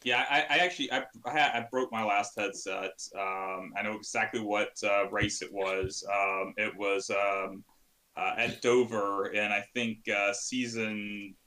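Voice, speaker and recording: A man telling racing stories in casual chat, rambling and restarting his sentences when excited. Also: lowish voice, unhurried. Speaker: sim racing podcast guest. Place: home sim racing setup.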